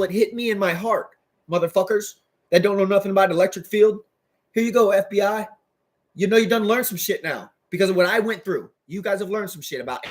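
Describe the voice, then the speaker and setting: Agitated, husky-voiced man ranting fast. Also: high voice. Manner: agitated, rambling, swears heavily. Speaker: vlogger. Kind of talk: profane ranting monologue.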